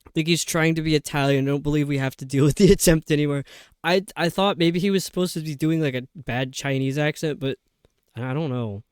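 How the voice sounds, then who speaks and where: A woman's voice: low voice, brisk, a little mellow, clean tone, no echo, studio quality. A woman streamer chatting casually over a video game, rambling and poking fun at herself. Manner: chatty, rambling, self-mocking. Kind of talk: casual livestream commentary.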